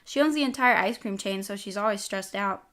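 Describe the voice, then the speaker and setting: A woman's voice: medium pitch, fairly quick, a bit bright, lightly acted. A woman reading a storybook aloud, voicing an easygoing teenage boy with a light, reassuring manner, close to her own voice.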